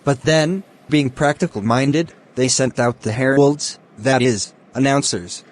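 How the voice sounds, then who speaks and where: A man's voice: medium pitch, unhurried. A man acting as a teacher, explaining the meanings of words in a lesson.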